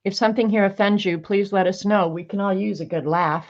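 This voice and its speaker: A woman's voice: medium pitch, fairly even intonation, brisk, a little mellow. A woman reading sassy one-liners aloud to her viewers in a casual, chatty way, with small laughs in between. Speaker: crafter sharing sayings on video. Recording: dull, lo-fi home video sound.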